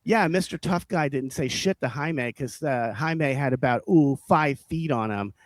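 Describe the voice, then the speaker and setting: A man telling rambling stand-up stories on a podcast, profane and animated, often laughing and acting out the people he quotes. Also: fairly high pitch, a little slow, dry recording. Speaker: podcast co-host, stand-up comic. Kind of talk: casual storytelling chat.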